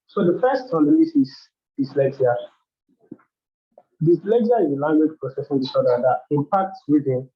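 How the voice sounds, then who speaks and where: A man hosting a workshop, explaining topics step by step in a loose way with frequent restarts. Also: on the high side. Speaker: workshop host. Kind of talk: educational talk. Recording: dull lo-fi sound.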